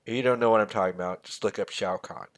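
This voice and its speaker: A man hosting a finance channel, walking through a spreadsheet in a casual way, with joking, sarcastic asides and big swings between loud and quiet. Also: fairly low pitch, fairly even intonation, fast.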